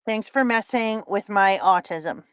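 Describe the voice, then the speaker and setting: A woman's voice: medium pitch, unhurried, smooth, no room sound, highs cut off. A middle-aged woman co-hosting a casual chat with her son, playful and goofy, swearing freely. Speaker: co-host, mother of the host.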